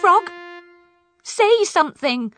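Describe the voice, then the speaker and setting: Storybook princess, young and spoiled, put on by a woman; shrill, sing-song, music bed. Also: lively intonation, slow pace, a bit bright, exaggerated voice. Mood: worried. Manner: shrill and snappish when angry. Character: spoiled, hot-tempered young princess girl. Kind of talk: storybook reading. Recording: music playing behind.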